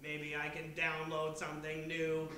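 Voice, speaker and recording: A lovesick robot man talks in a flat, halting monotone and mocks himself, played by an improviser. The live stage sound is echoey and distant. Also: medium pitch, slight background noise, natural voice. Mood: self-pitying. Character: lonely awkward male robot programmed for love. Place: theatre stage. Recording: very echoey live theatre from far off.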